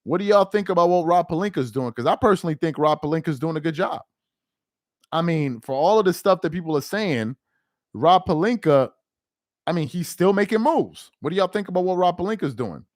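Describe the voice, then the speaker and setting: An excitable young man chats on his live stream, laughing and repeating himself as he talks. His voice sits a little high for a man. The sound is dry and close, with no room echo. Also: a little fast. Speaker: live-stream basketball commentator. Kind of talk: casual live-stream chat.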